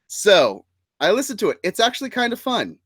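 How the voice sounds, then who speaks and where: A man's voice: high voice, wildly swooping pitch, a little fast, fairly bright tone, dry recording. A man hosting a casual live-streamed nerd podcast, upbeat and chatty, laughing often and using fillers. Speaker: podcast host.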